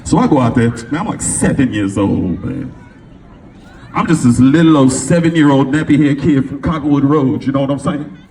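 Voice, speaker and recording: A middle-aged man from California, a motivational speaker telling a personal story to a live audience in an animated, slangy way, acting out the voices of the people in it. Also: mid-range voice, moderate pace. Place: event venue before an audience. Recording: distant mic with faint room noise.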